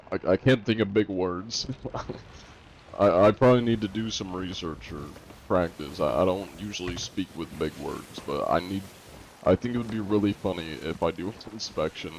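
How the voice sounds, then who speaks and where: Speaking at a moderate pace in a low voice, a young man streams live, chatting casually with his viewers, answering chat and making jokes at his own expense. A faint hiss or hum sits under the audio.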